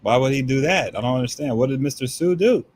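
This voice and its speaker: A man's voice: mid-range voice, animated, fast talker, a little mellow, a little hiss or hum. A man talking as a guest commentator in heated political commentary, emphatic and firing off rhetorical questions.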